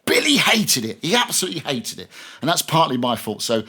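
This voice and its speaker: A man's voice: a little high, sing-song, a little fast, pushed and bright, breathy edge. A man, a veteran radio presenter, telling anecdotes in a casual podcast interview, chatty and full of restarts. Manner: chatty anecdotal, many restarts, laughs through stories.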